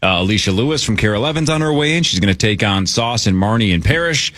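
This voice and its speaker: A man hosting a morning radio sports show, running the rundown in a brisk way. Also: fairly low pitch, expressive, fairly bright tone, no echo.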